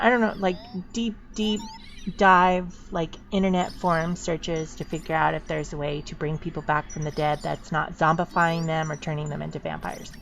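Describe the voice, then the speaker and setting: A woman's voice: lowish voice, gravelly. A woman hosting her channel, casually narrating game footage in a rambling way, full of fillers and restarts. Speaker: channel host. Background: wind chimes.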